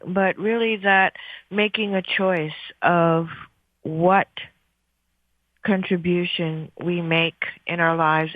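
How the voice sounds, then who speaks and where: A woman radio host slowly guiding listeners through a breathing meditation in a soothing, gentle way. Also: lowish voice, no room sound. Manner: slow, soothing, gentle guidance. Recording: tinny phone-like line.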